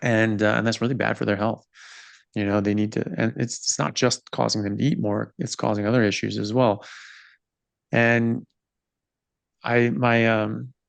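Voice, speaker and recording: A man's voice: lowish voice, flat delivery, moderate pace, creaky, pauses often, dry recording. A man hosting a podcast interview and explaining his points earnestly and with emphasis over a video call. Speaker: podcast host. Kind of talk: conversational interview.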